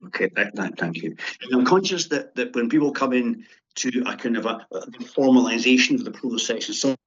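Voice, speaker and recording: A man's voice: medium pitch, lively intonation, a little fast, a bit bright. A man chairing a formal meeting as the appointed reporter, speaking politely with stammering restarts. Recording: dull lo-fi audio.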